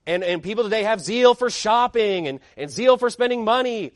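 A man's voice: high voice, lively intonation, moderate pace, no echo, studio quality. A man preaching a sermon as pastor, emphatic and fiery, firing off rhetorical questions.

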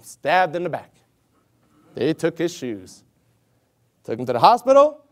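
A man preaching an animated sermon, exclaiming loudly and acting out the voices of the people in his stories. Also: a little high, slow pace, pauses often. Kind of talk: animated sermon with acted-out scenes.

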